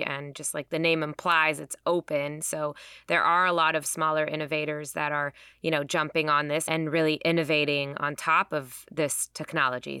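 Low, bright-toned woman hosting a podcast. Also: clean tone, no echo, studio quality. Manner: lively, bantering questions. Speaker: host. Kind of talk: conversational news podcast.

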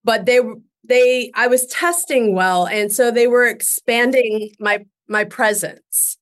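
A woman's voice: a little high, fairly even intonation, slow. A woman guest on an interview show, chatting casually and laughing often as she tells stories about her acting work. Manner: chatty with frequent fillers and restarts. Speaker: guest actress.

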